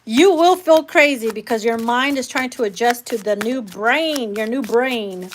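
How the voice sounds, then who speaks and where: A woman reads tarot live in a loose, chatty way, blunt and quick to swear. Her voice sits a little high. Faint background noise and the soft shuffle of cards run underneath. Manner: casual, blunt, swears freely. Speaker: tarot reader.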